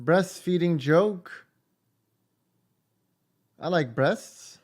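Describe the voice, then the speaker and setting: A man's voice: fairly high pitch, very slow. A man streaming a game, muttering dry remarks and reading joke options aloud. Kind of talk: casual gameplay commentary.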